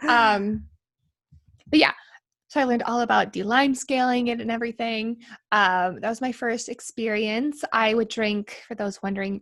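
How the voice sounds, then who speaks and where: Woman podcast co-host, playful and rambling, gravelly fry in a somewhat high voice. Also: steady tone, measured pace, fairly bright tone. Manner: playful, rambling, trails off and laughs. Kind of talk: casual chat.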